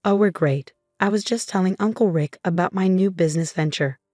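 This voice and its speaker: A woman's voice: fairly low pitch, a little fast, a little mellow, dry recording, faint music behind, natural voice. Smug young man, read by a woman narrator; dry, close. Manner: smug, eager.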